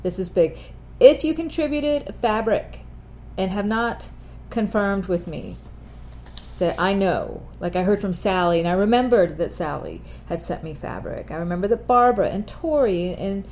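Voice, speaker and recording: A woman's voice: mid-range voice, animated, moderate pace, a little mellow, a little hiss or hum. Chatty rambling woman podcast host. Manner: chatty, rambling, self-correcting, laughs at herself. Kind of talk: casual chat.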